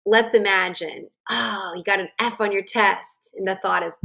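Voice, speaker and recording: A woman teaching self-regulation and guiding a slow breathing exercise, with a gentle, instructive manner. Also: mid-range voice, steady tone, gravelly. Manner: gentle, instructive, checks in with "right?". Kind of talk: guided breathing lesson. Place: online summit stream.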